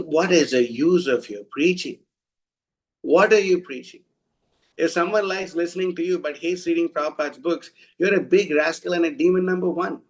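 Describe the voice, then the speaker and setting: A man with a somewhat high voice gives an informal devotional talk. He speaks bluntly and scolds his listeners. He often stops and restarts his sentences. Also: low-quality recording. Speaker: devotional preacher.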